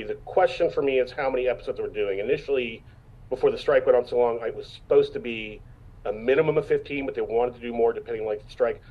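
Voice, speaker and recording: Husky fifty-something man telling stories. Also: mid-range voice, muffled recording. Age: 50s. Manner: storytelling, acts out quotes, frequent restarts. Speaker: actor guest. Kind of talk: casual interview chat.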